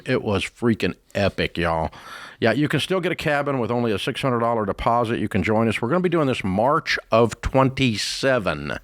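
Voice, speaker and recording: A man's voice: medium pitch, sing-song, normal speed, a bit bright, no room sound, clean studio sound. A man hosting a call-in advice show, talking casually in a blunt, emphatic way with folksy slang. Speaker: radio show host.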